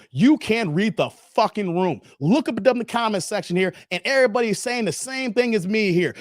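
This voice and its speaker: A high-pitched man in his thirties rants to his live chat, blunt and full of cursing. His pitch leaps around wildly as he swings from loud outbursts to low mutters, and his voice sounds dry and close. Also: no echo. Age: 30s. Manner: blunt, profane, emphatic, repeats himself. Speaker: live stream host. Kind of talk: ranting commentary to a live chat.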